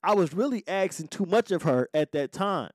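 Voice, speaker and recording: A man's voice: high-pitched, animated, moderate pace, no room sound, studio quality. A man around forty, a podcast host, telling a personal story in a blunt, laid-back, profane way and often asking "you know what I'm saying". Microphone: podcast microphone.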